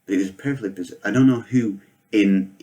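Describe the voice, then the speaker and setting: A man in his thirties tells comic stories in a deadpan, rambling manner. He swears freely and wanders off on tangents. His voice sits on the low side. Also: brisk, lo-fi sound. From Northwest England. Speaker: comedian. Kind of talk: comedic storytelling monologue.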